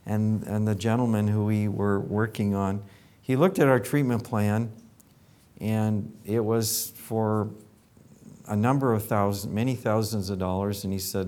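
A man's voice: on the low side, measured pace. An older man, a dentist, telling casual anecdotes about his patients and acting out what people said. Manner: animated anecdotes with acted quotes. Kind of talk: casual storytelling.

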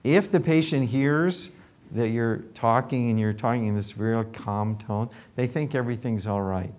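A man's voice: mid-range voice, normal speed. An older man, a dentist, telling casual anecdotes about his patients and acting out what people said. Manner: animated anecdotes with acted quotes. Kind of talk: casual storytelling.

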